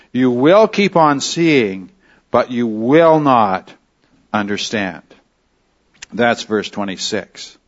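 A man preaching an expository sermon, teaching slowly and deliberately, repeating key phrases for emphasis. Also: medium pitch, highs cut off. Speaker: pastor.

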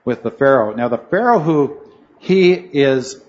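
A man's voice: mid-range voice, lively intonation, measured pace, a little mellow, highs cut off. A man teaching a Bible study class, talking in a rambling way, correcting himself mid-sentence and putting questions to his students. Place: room with a noisy fan.

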